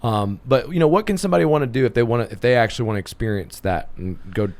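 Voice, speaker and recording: A man's voice: mid-range voice, lively intonation, rapid-fire, a little mellow. Casual man hosting a podcast. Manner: chimes in with reactions and swears casually. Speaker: podcast host. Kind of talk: casual interview chat.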